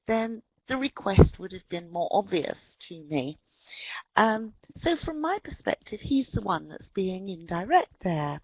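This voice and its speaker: A woman's voice: medium pitch, sing-song, a little slow, slightly rough, low-quality recording. A middle-aged British woman with a British accent, giving a wry, anecdotal webinar lecture on language with frequent ums. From Britain. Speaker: webinar presenter, English teacher trainer.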